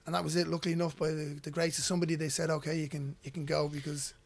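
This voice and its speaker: Irish man, guest storyteller, slightly high and monotone, rambling delivery. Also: racing, vocal fry. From Ireland. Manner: rambling, repeats words when starting sentences. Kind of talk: casual storytelling.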